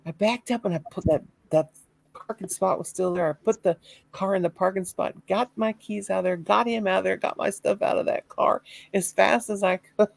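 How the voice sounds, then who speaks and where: A middle-aged woman with a gravelly edge to her voice tells stories with lots of exclamations and laughter. The sound is dry and close, with no room around it. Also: mid-range voice, moderate pace, no echo, rough recording. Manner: animated storyteller, laughing, exclamations. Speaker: chat participant. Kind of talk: casual chat, storytelling.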